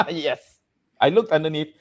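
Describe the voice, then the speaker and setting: A man hosting a casual chat show, talking in an animated, jokey way and often laughing. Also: a little high, a little slow. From Malaysia. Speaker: host.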